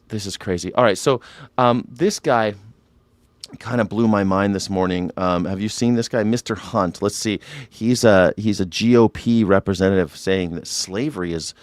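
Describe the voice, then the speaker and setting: Hosting a live news reaction show, a man with a lowish voice talks sarcastically and irreverently, cursing freely. The recording is dry.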